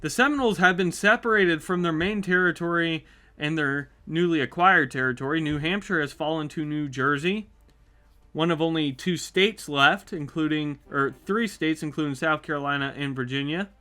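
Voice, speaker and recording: On his channel, a YouTube host with a slightly high voice commentates on a map simulation at a moderate pace. His play-by-play is upbeat and chatty, full of excited reactions.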